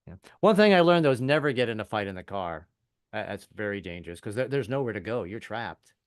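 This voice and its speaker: A man's voice: on the low side, expressive, clean tone, no room sound. Dry-voiced man doing stand-up. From American South. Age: middle-aged. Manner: storytelling, doing quick voices of family members. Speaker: stand-up comedian. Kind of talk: stand-up comedy set. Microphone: video call.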